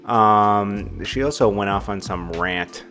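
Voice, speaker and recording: Male host, lower register, casual and amused gossip commentary, faint music bed. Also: takes it slowly, pushed and bright. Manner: laid-back, amused, chuckling asides. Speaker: celebrity news host.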